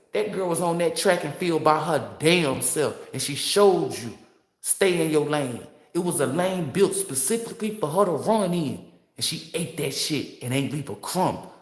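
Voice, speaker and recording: A woman's voice: low voice, reverberant. A woman tarot reader giving casual, motivational commentary in a brash, preachy, profane and playful manner.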